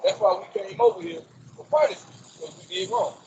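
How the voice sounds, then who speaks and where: A man's voice: high-pitched, a little fast, warm tone, lo-fi sound, a little hiss or hum. A man preaching on the street in front of a store, emphatic and quoting scripture with rhetorical questions, recorded on a phone outdoors. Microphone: phone recording a video.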